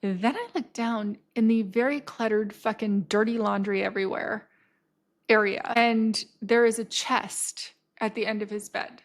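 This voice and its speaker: Gravelly woman telling a wild story. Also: medium pitch, normal speed. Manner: swears freely and acts out quotes in a vivid, animated way. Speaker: podcast guest. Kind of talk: casual storytelling.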